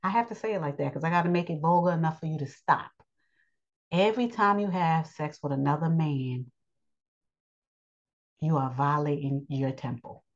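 Blunt, preachy woman on a dull recording. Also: low-pitched. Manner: blunt and preachy, drawn-out pauses with fillers. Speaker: teacher of a daily lesson. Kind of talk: spoken religious lesson on relationships.

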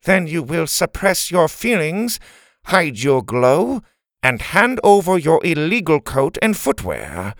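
A man's voice: fairly high pitch, big pitch swings, takes it slowly, no echo, studio quality, pitched above the performer's own voice, exaggerated voice. A man doing a nasal, stern alien principal. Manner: cold, commanding.

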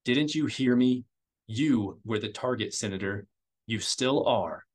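A man's voice: medium pitch, unhurried, natural voice. A man voicing a loyal male aide who speaks urgently, firmly and bitterly in an audiobook. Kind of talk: audiobook character voice.

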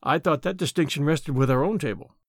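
A man narrating a story podcast in an expressive storytelling manner. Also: a little high, brisk, dry recording, clean studio sound. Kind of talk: scripted audiobook narration.

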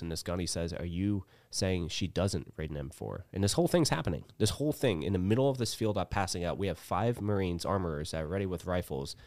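A man, telling a story as a guest in a casual chat, animated and swearing freely as he acts out the dialogue. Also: deep voice, no echo. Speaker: podcast guest.

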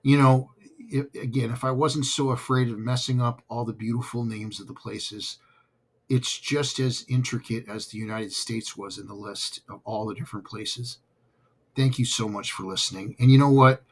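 A man's voice: medium pitch, steady tone, normal speed, breathy edge. A man hosting his own podcast, talking in a heartfelt, grateful and earnest way. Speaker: podcast host. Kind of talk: casual solo podcast talk.

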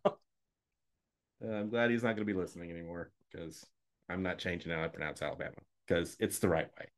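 A man in his forties, a play-by-play announcer co-hosting a sports podcast in casual, dry, self-mocking chat, quick to laugh. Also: deep voice, fairly even intonation.

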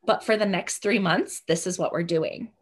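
A woman's voice: lowish voice, moderate pace. A woman hosting a podcast, affirming her guest and chatting casually. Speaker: podcast host. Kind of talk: casual interview chat.

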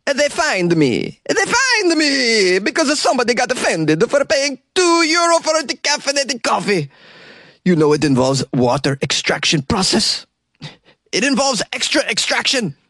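Guy doing a hammy italian café owner, squeaky high and furious, ranting. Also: sing-song, normal speed, sharp tone, no room sound, clean studio sound, full character voice. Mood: outraged ranting. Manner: indignant, ranting, high-pitched. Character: excitable, outraged Italian male coffee bar owner.

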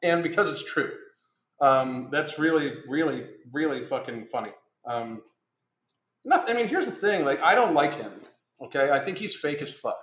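Give me a blunt, profane middle-aged male host rambling through chat, with a slightly high voice. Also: animated, normal speed, fairly bright tone. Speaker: podcast host reading live chat. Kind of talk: casual livestream chat. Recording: roomy echo.

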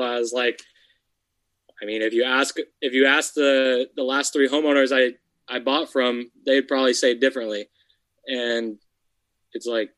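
A man's voice: mid-range voice, a bit bright, rough recording. A man speaks in a blunt, loose conversational way, swearing freely as he explains his business. His talk is casual and direct. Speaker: real estate investor. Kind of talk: casual podcast chat.

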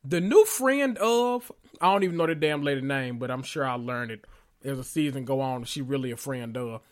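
A man's voice: medium pitch, moderate pace. A man hosting a casual reality TV recap vlog, sassy and gossipy, laughing often as he rambles.

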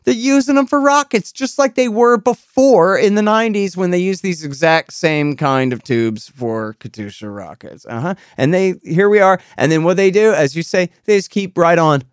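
A man hosts a political interview in a slightly high, smooth, resonant voice. He rants with sarcasm, dropping to quiet asides and then bursting out loud. The sound is dry and close. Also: moderate pace, hardly any pauses, no room sound. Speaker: host.

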